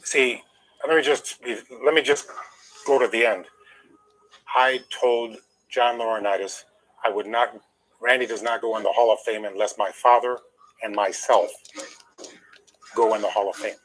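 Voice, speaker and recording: A man's voice: fairly low pitch, fairly even intonation, normal speed, long pauses, a bit bright, low-quality recording. Older guy telling his story in an interview, emphatic, a bit aggrieved, holding back emotion. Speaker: interview guest.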